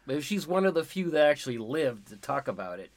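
A man with an average-pitched voice who explains film plots in a loose, rambling way. He often pauses and restarts his sentences as he talks things through. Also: very animated. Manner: rambling, hesitant. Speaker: podcast co-host. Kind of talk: casual film review chat.

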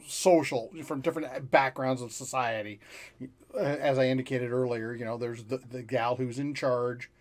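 A man in casual movie talk, measured and analytical, with frequent halting restarts. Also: medium pitch.

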